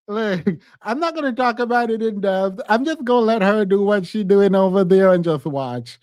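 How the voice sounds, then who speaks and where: A man with a notably high voice talks casually to his live-stream audience, with frequent laughter and dramatic pauses. The sound is dry and close, with no room around it. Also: lively intonation, a little mellow, no room sound. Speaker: streamer and commentator.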